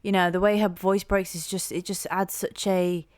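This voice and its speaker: A woman's voice: lowish voice, little pitch movement, moderate pace. A young woman hosting a music reaction, gushing and rambling with lots of fillers and restarts. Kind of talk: casual reaction commentary.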